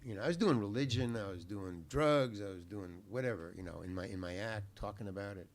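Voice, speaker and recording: A man's voice: lowish voice, fairly quick. An older man, a guest on a talk show, telling a long anecdote in a laid-back, rambling way, repeating words and cursing freely. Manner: laid-back, salty language.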